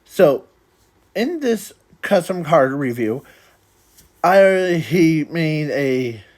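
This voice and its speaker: A man hosting a casual card review video, talking in a halting way with many restarts. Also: on the high side, big pitch swings, darkish tone. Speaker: video host reviewing custom cards.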